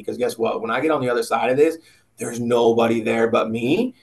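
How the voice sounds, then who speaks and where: A man's voice: medium pitch, normal speed, low-quality recording. A man talking casually and bluntly as a podcast guest, giving motivational advice and swearing freely. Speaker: podcast guest, business owner.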